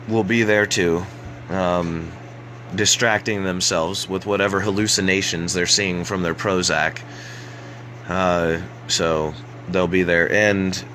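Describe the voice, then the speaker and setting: A man hosting a live-stream rant show, talking in a sarcastic, mocking way with many halting restarts. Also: deep voice, pushed and bright, slight background noise, poor audio. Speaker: host of a political rant show.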